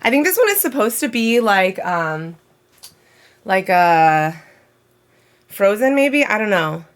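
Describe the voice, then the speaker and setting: A woman's voice: mid-range voice, sing-song, slow. A woman livestreaming from home, chatting casually and rambling to her viewers. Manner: chatty, rambling, talks to chat. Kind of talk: casual live-stream chat.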